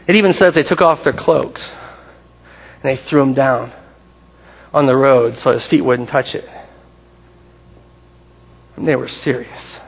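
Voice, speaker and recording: A man preaching a sermon in a lively, conversational way, to his congregation in a church. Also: mid-range voice, measured pace, creaky, long pauses, slightly rough. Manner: animated, conversational, acts out crowd shouts. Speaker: pastor. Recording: dull recording with long hall reverb.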